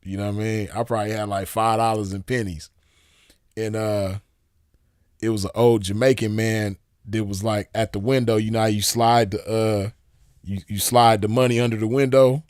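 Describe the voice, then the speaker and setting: A man in his forties hosts a show, chatting casually with viewers and telling rambling, slangy stories with easy laughs in a laid-back way. His voice is fairly low, level, and a little mellow, at a moderate pace. The tone is clean, and the recording is dry with clean studio sound.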